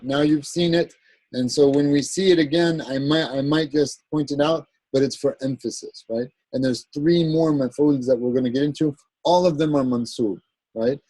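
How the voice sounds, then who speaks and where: A man's voice: mid-range voice, mellow, husky, no echo, poor audio. A man teaching an Arabic grammar class, explaining patiently and often checking in with "right?" as he goes. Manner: halting, with fillers and self-corrections. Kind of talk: classroom lecture.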